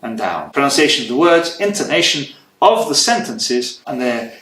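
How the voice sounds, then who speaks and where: Fast-talking man teaching in an echoey room. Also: medium pitch, sing-song, a bit bright. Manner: brisk, checks in with "okay?". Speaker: presentation skills teacher. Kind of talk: lecture to camera. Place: room with a writing board. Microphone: handheld microphone.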